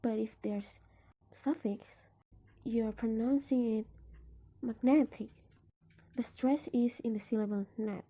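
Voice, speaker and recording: Young indonesian woman presenting in class, husky breathy voice, slightly high. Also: dark tone. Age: young adult. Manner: slow, careful explaining with examples; often drops into breathy near-whisper. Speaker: student presenter. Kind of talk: class presentation on word stress.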